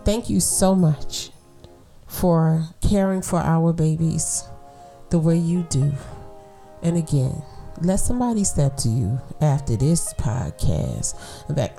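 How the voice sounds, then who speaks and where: A woman's voice: low-pitched, slow, creaky, soft background music. Chatty mother hosting a podcast. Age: adult with children. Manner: animated, talks straight to listeners with lots of "okay?" and "girl". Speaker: podcast host. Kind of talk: casual encouraging monologue.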